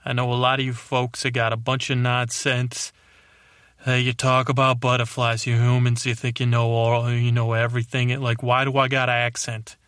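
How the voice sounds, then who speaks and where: A man doing a cranky, loudmouthed male butterfly with a put-on tough-guy accent, ranting and rambling at humans in a comedic monologue. The voice sits in a middle pitch and sounds close and dry, with no room around it. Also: monotone, rapid-fire, hardly any pauses, clear, resonant tone, no room sound, lightly acted. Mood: irritated.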